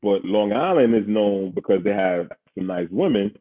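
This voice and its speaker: This former pro football player turned podcast host, a Queens man with a New York accent, tells a story in loose, slangy talk and laughs often. His fairly low, expressive voice moves at a normal speed and sounds husky over a tinny, phone-like line.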